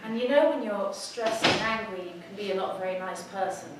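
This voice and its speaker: A middle-aged woman telling a personal story to an audience in a lively, humorous way. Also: medium pitch, brisk, background noise. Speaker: speaker. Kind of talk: storytelling talk. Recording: echoey hall, mic from far off.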